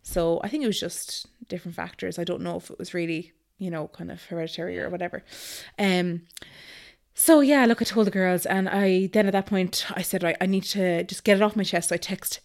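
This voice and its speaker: A woman's voice: on the low side, fairly quick, vocal fry, a little mellow. A woman in her thirties telling a personal story in a casual interview, chatty, with many ums and likes. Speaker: guest.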